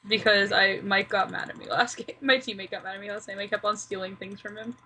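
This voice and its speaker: A young woman co-hosting a casual podcast, excitable and blunt, swearing freely. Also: medium pitch, fast, slight background noise. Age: young adult. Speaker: podcast co-host. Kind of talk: casual chat.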